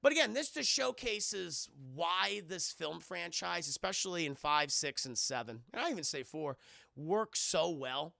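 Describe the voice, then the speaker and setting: A man talks through a film for his live chat in a loose, animated way, swearing freely. His voice sits a little high, with a bright, forceful edge and plenty of gravelly fry. The sound is close and dry, with no room echo. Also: measured pace. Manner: animated and profane, acts out lines in funny voices. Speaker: streamer reviewing a film with chat. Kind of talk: casual scene-by-scene spoiler recap.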